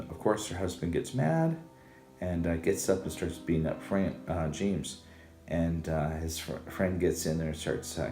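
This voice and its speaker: A man's voice: sits low, a little mellow. A man casually recapping a TV episode, rambling with many ums and uhs. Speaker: show recap host. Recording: echoey room with music behind.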